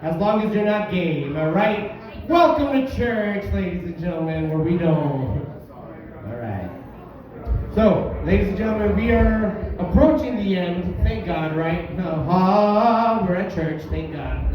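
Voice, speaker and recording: A man with a high voice works the crowd as emcee of a bar comedy night, joking loudly between acts. He sounds far from the recorder, his voice ringing around a very echoey room while a crowd murmurs behind him. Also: expressive, measured pace, dull audio. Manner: loud, joking crowd work. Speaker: comedy show host. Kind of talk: stand-up emcee banter.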